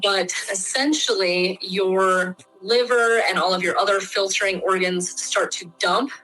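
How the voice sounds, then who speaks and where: A woman's voice: medium pitch, a little slow, fairly bright tone, soft background music, poor audio. A woman with a Midwestern American accent, a guest in an interview, explaining things in a chatty, frank way with lots of fillers.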